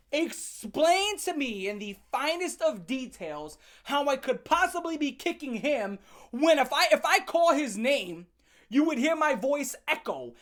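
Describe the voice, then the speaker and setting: A woman telling a comic story as a channel host, in a sarcastic, profane and animated rant. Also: sits high.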